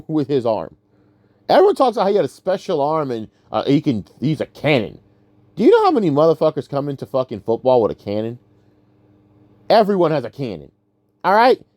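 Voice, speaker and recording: Casting: exasperated, foul-mouthed male commentator, lively swooping pitch, dry close sound. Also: no echo. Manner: exasperated, profane, swings from low mutters to high outbursts. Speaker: sports commentator. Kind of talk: casual sports rant.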